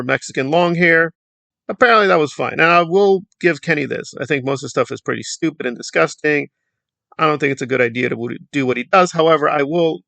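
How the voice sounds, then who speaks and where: A man's voice: fairly high pitch, vocal fry, sharp tone, dry recording. A man giving a sarcastic, mocking commentary in a conversational, unscripted way. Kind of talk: commentary vlog.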